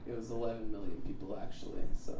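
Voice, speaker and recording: A man doing a stand-up comedy set in a halting deadpan style, packed with "uh"s and pauses. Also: lowish voice, noisy background. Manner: halting, filler-heavy deadpan delivery. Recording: roomy, distant, faint ambience.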